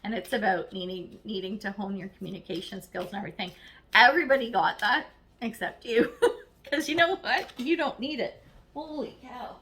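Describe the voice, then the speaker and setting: A woman's voice: mid-range voice, moderate pace, sharp tone. A woman giving a casual, chatty tarot reading, blunt and encouraging, acting out little quoted voices as she goes. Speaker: tarot reader.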